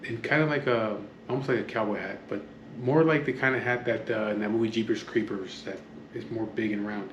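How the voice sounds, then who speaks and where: A man's voice: lowish voice, steady tone, brisk, few pauses, dull audio. Guy vlogging from home, swears a lot, keeps going off on tangents, roomy echo with faint noise behind. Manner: rambling, swears often, trails off into asides. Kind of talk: casual storytelling to camera. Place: at home, near an open door to the street.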